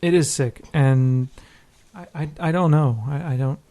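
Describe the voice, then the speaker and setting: A man's voice: fairly high pitch, a little slow, mellow. A man co-hosting a casual podcast, talking informally and reading a listener email aloud. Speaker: podcast co-host.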